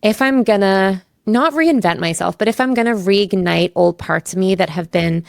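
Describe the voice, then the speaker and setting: This woman, a Canadian lawyer in her thirties guesting on a podcast, shares personal stories candidly and emotionally, saying "like" often. Her medium-pitched voice is animated and gravelly at normal speed, on a dry recording.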